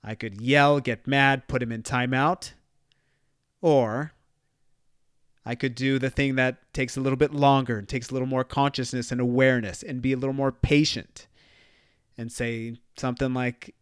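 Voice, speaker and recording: A man in his thirties talks through a parenting story on his own podcast. He is easygoing and conversational and slips into quoted lines as he goes. His voice sits at a middling pitch and is recorded very dry and close. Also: fairly even intonation, normal speed, clear, resonant tone, no echo. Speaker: podcast host. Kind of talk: solo podcast talk.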